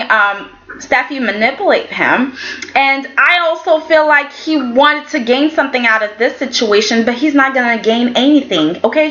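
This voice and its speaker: A woman's voice: fairly high pitch, pushed and bright, muffled recording. A woman chatting casually as she reviews a soap opera episode, sassy and chatty, often tagging her lines with okay. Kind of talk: casual vlog recap.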